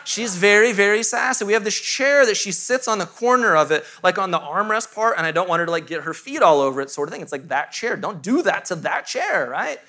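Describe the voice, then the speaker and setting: Bright, high-voiced man preaching. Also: animated, brisk, few pauses. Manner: conversational and self-mocking, with asides to the congregation. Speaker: pastor. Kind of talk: sermon. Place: before a live congregation.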